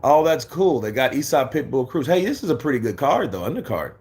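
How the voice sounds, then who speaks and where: A man hosting a casual boxing livestream, blunt and animated, who swings between heated rants and low, mumbled asides while he reads the chat. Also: fairly quick. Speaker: boxing commentary livestream host.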